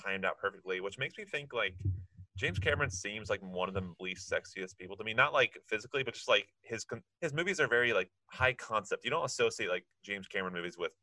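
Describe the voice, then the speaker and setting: A man's voice: lowish voice, no room sound, low-quality recording. A man in his thirties co-hosting a podcast, telling a funny childhood story in casual chat. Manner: quick, joking, animated storytelling. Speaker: podcast co-host.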